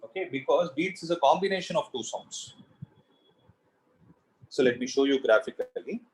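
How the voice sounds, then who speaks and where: A man's voice: on the high side, lively intonation, normal speed, a little mellow, breathy edge, poor audio. A man teaching a physics class, explaining step by step and asking himself questions as he goes. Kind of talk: classroom lecture.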